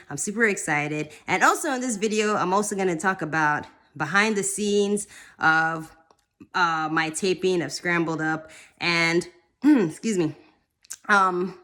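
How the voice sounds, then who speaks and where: A woman vlogger talking casually to her viewers, bubbly and rambling, with squealing cheers of excitement. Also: on the low side. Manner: rambling with many fillers. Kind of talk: casual talk to camera.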